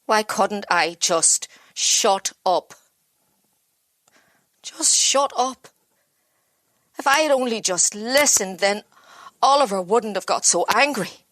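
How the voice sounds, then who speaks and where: An actress playing an exhausted, abused mother who blames herself, speaking in a halting, broken inner monologue. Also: a little high, animated, fairly bright tone, no echo. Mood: distraught. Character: exhausted, self-blaming abused mother, worn down. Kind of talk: dramatic monologue.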